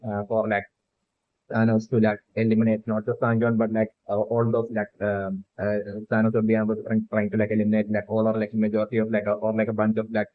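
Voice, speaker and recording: His voice is on the low side and completely flat as he moves at a quick pace through a rambling fan theory monologue. He restarts sentences and leans on "like" and "uh" nearly nonstop; the audio has no room sound but is tinny, like a phone.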